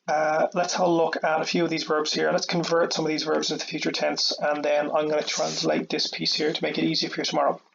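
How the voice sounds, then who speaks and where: Male teacher, patient, explains step by step; slightly high, flat delivery. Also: fast talker, vocal fry, few pauses, highs cut off, background noise. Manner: patient, repeats "okay" and "all right" often. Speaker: Irish language teacher. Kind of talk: explaining a grammar lesson step by step.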